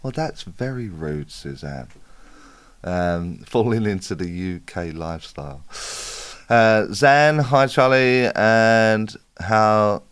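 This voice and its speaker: A man's voice: lowish voice, lively intonation, takes it slowly, a bit bright, clear, resonant tone, dry recording. A man, a spiritual medium, chatting casually as he answers viewer questions on a live stream. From United Kingdom. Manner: chatty, reads out viewer comments and answers off the cuff.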